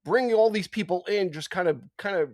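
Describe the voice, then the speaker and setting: A man's voice: sits high, a little fast, no room sound, studio quality. A man co-hosting a podcast, chatting casually about an old film with many restarts and fillers. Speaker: podcast co-host.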